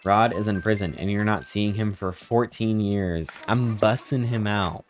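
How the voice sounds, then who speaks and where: A man's voice: on the low side, fairly even intonation, a little slow. Jokey male game streamer. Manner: playful and jokey, chatting with chat. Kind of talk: casual gameplay commentary. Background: game music.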